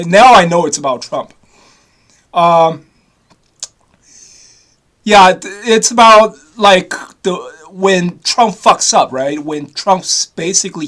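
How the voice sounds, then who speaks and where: High-voiced rambling man in his fifties. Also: fairly bright tone. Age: 50s. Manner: repetitive, restarts often, casual swearing. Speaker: vlogger. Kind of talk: rambling personal story to camera.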